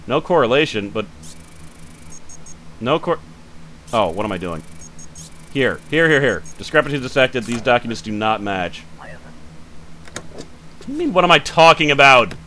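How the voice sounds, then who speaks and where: Bright-voiced man muttering over a game. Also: medium pitch, expressive, a little hiss or hum. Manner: thinks aloud while checking details, mutters to himself; quick to grumble and curse, then apologizes. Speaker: gaming channel host. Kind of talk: casual let's-play commentary.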